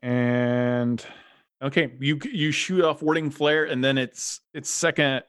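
A man narrates a tabletop game as game master, calling out attacks and damage in a matter-of-fact way. His voice sits at an ordinary pitch. It is recorded close and dry, with no room sound. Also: steady tone, slow pace, fairly bright tone, clean tone, dry recording. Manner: matter-of-fact, apologetic when dealing damage.

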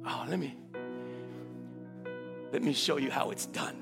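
A man preaching a sermon with enthusiasm, repeating words and swinging between loud calls and low murmurs. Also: unhurried, vocal fry, in a large hall, music in the background.

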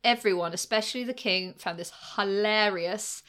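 A woman's voice: mid-range voice, normal speed, a bit bright, clean tone. Chatty woman with lots of fillers. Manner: chatty, laughs often, many "like" fillers. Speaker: podcast co-host. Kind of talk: casual history chat.

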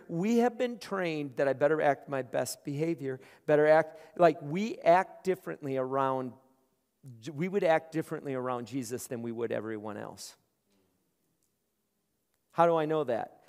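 A man's voice: a little high, moderate pace, a little mellow, clear, resonant tone. A male pastor preaching a conversational sermon, often repeating words as he starts his phrases. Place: large room. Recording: long hall reverb.

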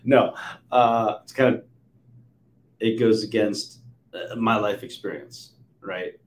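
Animated storytelling man, roomy sound. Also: fairly low pitch, takes it slowly. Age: 40s. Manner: animated storyteller, swings between loud and soft. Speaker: podcast host. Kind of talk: conversational interview. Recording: roomy echo.

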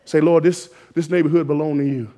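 A man preaching a sermon, exhorting his listeners and rising to loud emphatic peaks. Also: fairly high pitch, level tone, fairly quick. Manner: exhorting, call-and-response rising to shouted emphasis.

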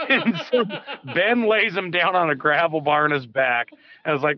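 A man's voice: on the high side, moderate pace. A man, a fishing guide calling in to a show, telling a long story in a loose, casual way with restarts and the odd swear word. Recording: dull lo-fi call audio.

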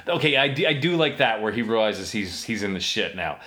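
Lively, crude-joking man riffing on a movie. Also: fairly low pitch, brisk, hardly any pauses. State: tipsy from drinking. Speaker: podcast co-host. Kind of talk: casual movie commentary chat.

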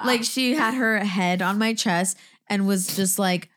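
A woman's voice: medium pitch, fairly bright tone, a little hiss or hum. A woman co-hosting a podcast, chatting casually and laughing often as she chimes in. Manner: giggly, quick to chime in. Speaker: podcast co-host. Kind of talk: casual chat.

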